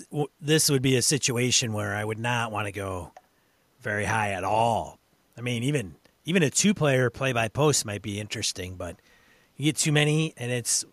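A man co-hosting a podcast, talking casually about gaming in a thoughtful, halting way, often correcting himself. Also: medium pitch, no echo. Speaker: podcast co-host.

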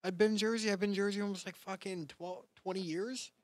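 Man, high voice, dry close sound, profane, rambling. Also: fairly even intonation, fast talker, no room sound. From New York. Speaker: podcast co-host. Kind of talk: crude casual chat.

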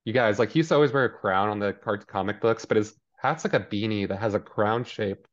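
A man with a slightly low voice chats through a TV episode for a podcast, jumping into character bits as he goes. The recording sounds dull and lo-fi. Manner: animated, acts out characters in quick asides. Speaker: podcast co-host. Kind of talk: casual recap chat.

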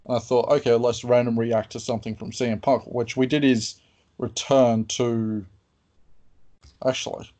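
A man's voice: mid-range voice, little pitch movement, normal speed, warm tone. A man hosting a podcast, chatting casually and often hesitating with ums while he thinks aloud. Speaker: podcast host.

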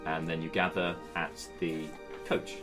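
A man narrating as game master, halting and full of fillers. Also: extremely low pitch, monotone, over music.

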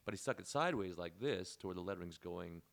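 A man's voice: sits low, animated, fast talker, gravelly, a bit bright. A man hosting a podcast, telling a long story in a rambling, laid-back way with lots of fillers. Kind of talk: casual storytelling chat.

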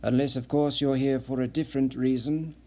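A man reading an audiobook, voicing a shrewd, seasoned spy who talks in a measured, pointed, dryly ironic way. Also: medium pitch, steady tone, mellow, close to an everyday voice. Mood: probing. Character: shrewd seasoned male spy, dry and probing.

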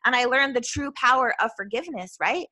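A loud, bubbly woman gives a motivational podcast talk as a self-love coach. Her voice is bright and a little high, and she keeps checking in with her listeners with a quick "right?". The tone stays earnest and encouraging throughout. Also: lively intonation. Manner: earnest, with many "right?" tags.

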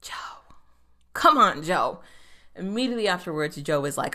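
A young woman giving a casual recap of a TV episode, animated and swearing freely, often slipping into quick voices for the characters. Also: on the low side.

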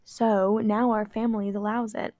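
A woman doing a gentle young male vampire with a wobbly British accent. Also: mid-range voice, level tone, no echo, natural voice. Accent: put-on British. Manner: halting, stumbling reading.

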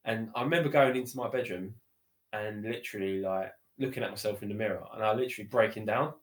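A man tells his story as a podcast guest. He rambles warmly, leaning on "you know" and "literally", and restarts his sentences often. The room around him gives his voice a noticeable echo. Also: on the low side, fast. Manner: chatty, repeats himself, many fillers like "you know" and "literally". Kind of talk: casual conversational storytelling. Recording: roomy echo.

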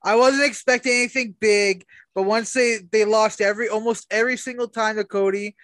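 A man's voice: high-pitched, fairly even intonation, fairly quick, very noisy. A man co-hosting a casual talk show, blunt and ranting, swearing often. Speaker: podcast co-host. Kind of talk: casual chat.

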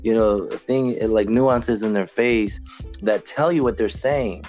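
Low-voiced chatty man with faint music. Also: takes it slowly, darkish tone. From United States, Cuban American. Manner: rambling, many "you know" fillers and restarts, frequent chuckles. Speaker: podcast guest, language learner. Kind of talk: casual conversational storytelling.

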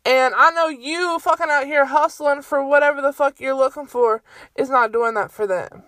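Speaking at normal speed in a high voice with a fairly bright tone and no echo, a young adult woman hosts a solo podcast from her bedroom at home. Her casual monologue is a rant, heated, exasperated, and profane.

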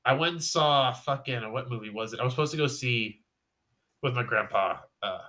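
A young man in casual chat, talking quickly with lots of "like" fillers. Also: mid-range voice, bright, forceful tone.

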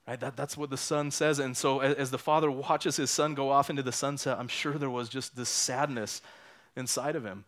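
A pastor in his thirties or forties preaches a sermon built around a personal story, speaking conversationally, repeating words often and asking "right?". His medium-pitched voice is steady and a bit bright, at normal speed.

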